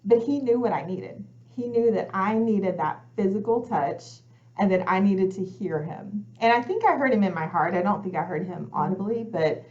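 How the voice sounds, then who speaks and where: A woman speaks in a middle-pitched voice, sharing her personal testimony as a guest on a talk show. She tells it earnestly and acts out her own past thoughts as quotes. The audio is a little dull and lo-fi. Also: lively intonation, normal speed, a little mellow. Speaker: guest coach. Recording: slightly muffled lo-fi audio.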